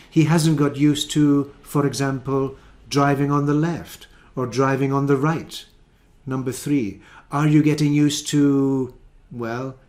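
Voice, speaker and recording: Slow, deliberate male English teacher. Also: medium pitch, darkish tone. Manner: slow, deliberate reading of example sentences. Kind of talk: online language lesson.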